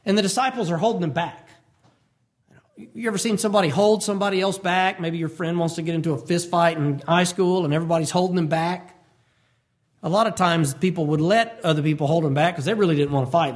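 A man preaching an expository sermon, animated and acting out quotes. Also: high voice, a little fast. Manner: animated, acts out voices and quotes.

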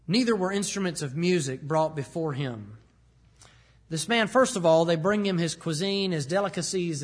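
A man preaching a sermon, animated, acting out the words of the people in the story. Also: fairly high pitch, moderate pace. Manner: animated, acts out the king's lines.

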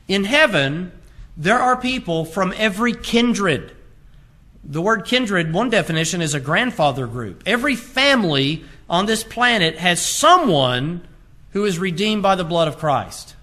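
Male pastor, higher-pitched and bright, emphatic sermon delivery that swells and drops. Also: big pitch swings, unhurried. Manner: emphatic preaching, reads scripture aloud in King James wording; rises in force on key phrases, drops low and quiet on others.

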